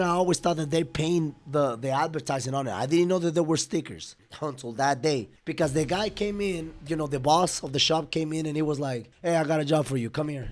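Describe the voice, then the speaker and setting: Brief: young man, rambling profane storyteller, slightly higher voice, laid-back delivery. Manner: rambling, profane, laughs between lines. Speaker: welder telling a work story. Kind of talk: casual storytelling to camera.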